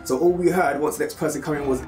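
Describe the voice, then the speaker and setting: A British man telling a story in a casual, animated way to his viewers, now and then breaking into loud film impressions. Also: on the high side, quick pace, distant mic, soft background music. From United Kingdom. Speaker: vlogger.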